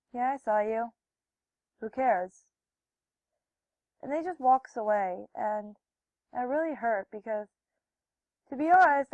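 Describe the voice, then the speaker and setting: High-voiced young woman telling a story. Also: dry recording, low-quality recording. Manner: acts out the quoted voices with loud, high bursts; drops soft and quiet when wistful. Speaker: vlogger. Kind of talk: personal storytime.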